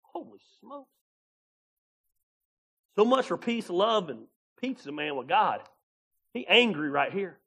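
A man preaches with a high, bright voice. His sermon is folksy and animated, full of laughter, and he acts out little scenes as he goes. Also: slow, vocal fry, long pauses, breathy edge. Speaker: pastor.

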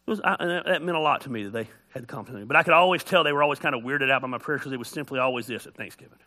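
Racing along at medium pitch, a middle-aged man gives a jokey, folksy sermon from the pulpit. Animated storytelling drives it, with him acting out voices along the way.

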